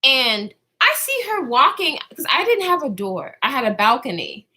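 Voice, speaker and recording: A young woman chats straight to her viewers in a high, bright voice that swoops up and down as she tells her story. She talks casually and slangily, swears freely, and often breaks off mid-sentence to start again. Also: normal speed, husky. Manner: animated, slangy, swears freely, trails off and restarts. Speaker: vlogger telling a story.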